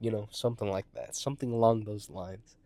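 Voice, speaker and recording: A man's voice: fairly low pitch, fairly even intonation, fairly quick, no room sound. A man telling a personal story in a casual monologue, rambling and profane, jumping between tangents and acting out quoted lines. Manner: acts out quoted voices, shouting in heated moments.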